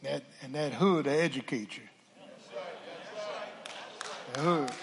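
An older man preaching a sermon from the pulpit, calling for a witness and swinging from hushed asides to shouts. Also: a little high, fairly quick, crowd noise. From Philadelphia. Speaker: pastor. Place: church sanctuary. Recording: church hall reverb.

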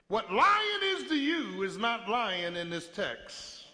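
Male pastor, live sermon, high and lively, slow delivery with shouted peaks, hall reverb. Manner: animated preaching, call-and-response, sudden loud bursts. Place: church sanctuary.

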